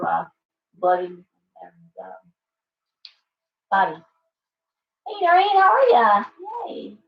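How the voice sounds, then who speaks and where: A woman hosting a live stream, rambling casually and greeting viewers by name. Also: medium pitch. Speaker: shop owner and live show host. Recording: roomy, distant, dull lo-fi sound with faint hum.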